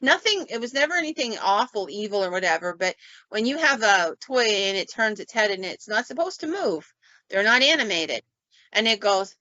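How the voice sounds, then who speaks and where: A woman, a paranormal investigator, telling stories in a casual podcast chat and acting out sounds and quotes with lively flair. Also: mid-range voice, moderate pace, no room sound. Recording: dull, dry lo-fi recording.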